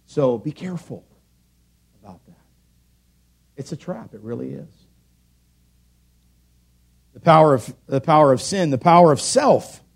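Husky-voiced preaching man. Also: expressive, unhurried, pauses often. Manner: earnest, rising to loud emphatic peaks then dropping low. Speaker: pastor. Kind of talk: sermon.

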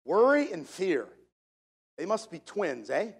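A man preaching a sermon as pastor, emphatic, slowing down to stress the verses he quotes and drifting on and off the microphone. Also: sits high, sing-song, slightly rough.

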